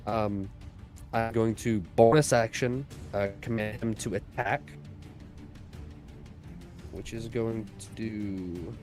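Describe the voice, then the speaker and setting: A man's voice: fairly low pitch, steady tone, takes it slowly, pauses often, darkish tone, soft background music. A man playing a tabletop game, talking casually and hesitantly and swearing a lot. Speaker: player.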